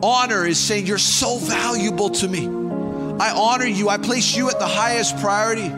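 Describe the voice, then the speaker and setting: A man's voice: sits high, moderate pace. A male pastor preaching a sermon, repeating phrases and building to fervent exhortation. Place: church sanctuary. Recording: church hall reverb with faint music.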